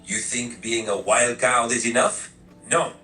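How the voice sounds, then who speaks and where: A man's voice: medium pitch, measured pace, bright, forceful tone, reverberant, distant mic, faint music behind. A male text-to-speech voice putting on a French accent, playing a scornful critic with a mocking, cutting manner. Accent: French (put on).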